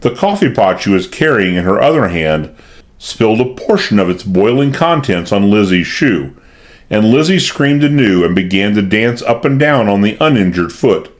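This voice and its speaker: Lively, low-voiced man narrating. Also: moderate pace. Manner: dramatic, suspenseful reading. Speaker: audiobook narrator. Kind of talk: scripted narration of a mystery novel.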